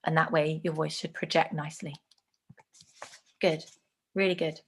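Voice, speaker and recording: A woman teaching an online lesson, explaining clearly and showing examples with her own voice. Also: sits low, little pitch movement, normal speed.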